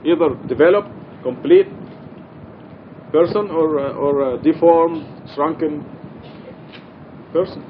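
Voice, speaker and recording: A middle-aged man teaches a religious study class in a mosque, explaining with earnest emphasis. His voice sits somewhat high for a man. The old recording is dull and lo-fi, with a faint rumble underneath. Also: slow, long pauses. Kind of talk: informal religious study talk.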